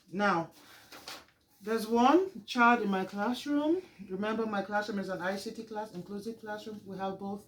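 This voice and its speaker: A teacher walks through a reading lesson plan. The delivery is halting and explanatory, with frequent pauses to gather thoughts. The voice sits at a middling pitch. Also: slight background noise, poor audio.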